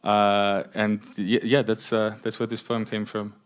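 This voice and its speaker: A middle-aged man with a fairly low voice performs spoken word poetry before a conference audience. His introductions are hesitant and chatty, and his reading is measured. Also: level tone, smooth.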